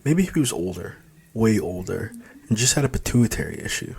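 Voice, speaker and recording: A man with a low voice reads his own novel aloud, telling the story in the first person. His audiobook narration is steady and even. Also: fairly quick, gravelly, husky. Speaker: author reading his novel.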